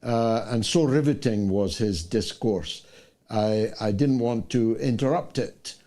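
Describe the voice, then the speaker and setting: A man's voice: lowish voice, slow, mellow. An older man from the United Kingdom hosting a talk show. He delivers an indignant monologue full of rhetorical questions. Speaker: host.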